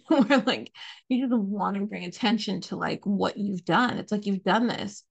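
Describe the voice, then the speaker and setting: A woman's voice: mid-range voice, a little slow, vocal fry. A young adult woman hosting a podcast, ranting casually and profanely, laughing often. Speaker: podcast host.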